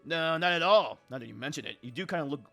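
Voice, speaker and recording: A man voicing a spirited young woman fighter in a game, blunt and quick to doubt, with faint game music behind. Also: on the high side, expressive, vocal fry, sharp tone, exaggerated voice. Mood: curious.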